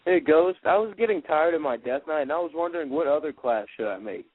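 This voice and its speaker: A man's voice: on the high side, animated, fast talker. A man calling in to a radio show, asking a question in a casual, rambling way. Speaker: caller. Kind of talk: phone-in question. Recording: tinny phone line.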